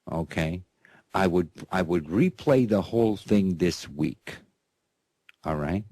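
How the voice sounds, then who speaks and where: A man's voice: fairly low pitch, mellow, no room sound. A man hosting his own radio show in a rambling, playful monologue, forever checking in with his listeners and introducing things with showman flair. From United States. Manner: rambling, constantly checking in with "okay?" and "that's right". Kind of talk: casual talk-radio monologue.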